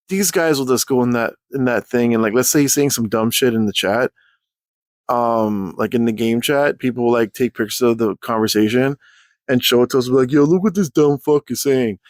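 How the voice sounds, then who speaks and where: A young man hosting a casual storytelling vlog, talking in an animated, profane, rambling way. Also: mid-range voice, moderate pace, dry recording, clean studio sound. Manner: animated, profane, rambling, jumps into quoted voices. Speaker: channel host.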